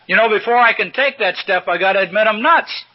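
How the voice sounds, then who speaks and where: An older man gives a recovery-meeting talk in a folksy, plain-spoken storytelling manner with salty humor. His voice sits a little high for a man. The recording is dull and lo-fi, like an old tape. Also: brisk, a little hiss or hum. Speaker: AA speaker. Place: meeting room at a podium.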